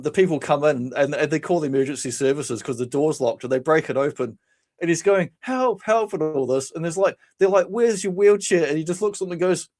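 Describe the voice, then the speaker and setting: A man, co-hosting a casual podcast, retelling comedy scenes with laughs and acted-out quotes. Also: medium pitch. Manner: animated storytelling, laughs often, acts out quotes. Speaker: podcast co-host. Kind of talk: casual chat.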